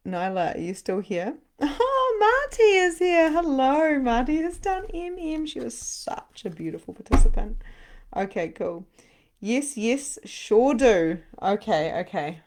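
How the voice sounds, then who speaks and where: A middle-aged woman hosting a live spiritual session as a medium, chatting casually, laughing often and breaking into sudden excited bursts. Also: on the low side. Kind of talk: casual live-stream channeling.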